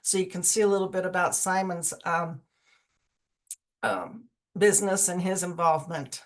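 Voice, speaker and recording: A woman's voice: on the low side, moderate pace. A woman on a video call introducing fellow commission members, talking in a loose, chatty way with many fillers. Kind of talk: virtual public forum, casual introductions.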